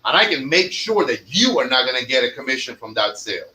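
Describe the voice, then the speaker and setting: A man's voice: mid-range voice, very animated, fast talker, sharp tone, poor audio. A man who owns a cigar lounge, telling stories in a profane, emphatic podcast rant. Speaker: cigar lounge owner and tobacconist.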